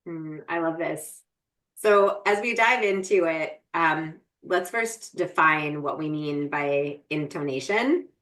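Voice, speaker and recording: A woman's voice: deep voice, slow, a bit bright. A woman co-hosting a parenting podcast, explaining ideas in a thoughtful, casual way and often checking in with "right?". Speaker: podcast co-host.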